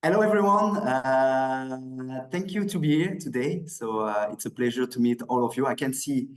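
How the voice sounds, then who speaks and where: A man's voice: medium pitch, normal speed, roomy sound, rough recording. A man with a French accent giving an online wine presentation, hesitant, with many restarts and fillers. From France. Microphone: video call.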